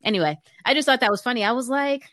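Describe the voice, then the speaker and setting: A woman's voice: a little high, lively intonation, racing, a bit bright, dry recording, studio quality. A young woman co-hosting a casual chat, peppy and bubbly, laughing often. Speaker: podcast co-host.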